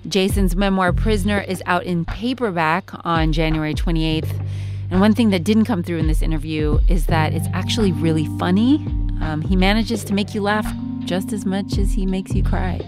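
A woman's voice: fairly low pitch, normal speed. A woman co-hosting a public radio podcast, speaking in a conversational way. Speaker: podcast co-host. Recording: music playing under voice.

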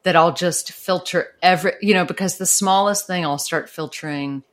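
A woman's voice: fairly low pitch, moderate pace. A woman author and advice columnist answering interview questions in a thoughtful, rambling way with frequent restarts.

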